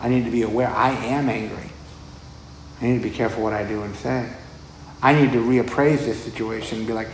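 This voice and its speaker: A man gives a relaxed dharma talk as a meditation teacher. He speaks at an average pitch in a loose, conversational way, doubling back on words and breaking into chuckles. The voice rings in a roomy space with faint noise underneath. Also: a little fast.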